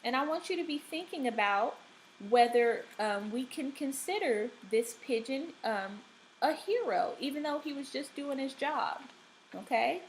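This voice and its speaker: A woman teacher giving a recorded reading lesson, speaking deliberately and checking in often with the class. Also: high-pitched, lively intonation, slight background noise, rough recording. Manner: slow, deliberate, checks in with frequent "okay?".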